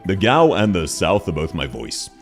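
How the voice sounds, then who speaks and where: A man streaming live, talking casually in a calm, lower, relaxed speaking voice. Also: moderate pace, soft background music.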